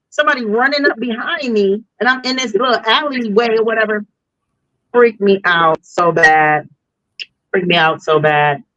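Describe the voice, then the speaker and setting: Animated woman telling a story. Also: mid-range voice, no echo, highs cut off. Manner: animated, slangy, acts out voices. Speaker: podcast guest, delivery driver. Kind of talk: casual storytelling.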